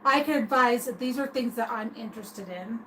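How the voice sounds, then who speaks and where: A woman's voice: a little high, a little fast, fairly bright tone, a little hiss or hum, low-quality recording. A woman streaming a casual opinion rant, rambling and hesitant with many restarts. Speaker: streamer talking to viewers.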